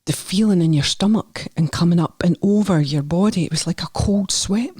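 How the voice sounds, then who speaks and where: A woman's voice: lowish voice, moderate pace, darkish tone, slightly rough, dry recording. Scottish woman, middle aged, podcast guest, chatty storyteller, dry close sound. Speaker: podcast guest, nurse therapist. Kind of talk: candid podcast conversation.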